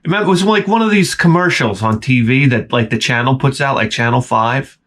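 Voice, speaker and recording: A man's voice: mid-range voice, fairly quick, fairly bright tone. A man in his forties hosting his channel, ranting and grumbling with plenty of swearing as he jumps between complaints. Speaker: channel host. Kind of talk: profane comedic rant.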